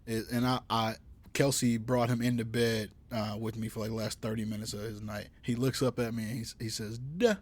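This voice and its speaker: A man's voice: on the low side, flat delivery, brisk. A young man co-hosting a podcast, talking casually with restarts and teasing banter. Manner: rambling, many restarts, teasing. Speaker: podcast co-host. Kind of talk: casual chat.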